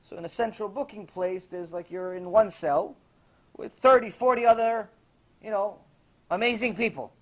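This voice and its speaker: A man's voice: sits high, moderate pace. A man preaching as a rabbi, telling a story in a sermon and acting out the people in it. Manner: animated, acts out the quoted characters in his story.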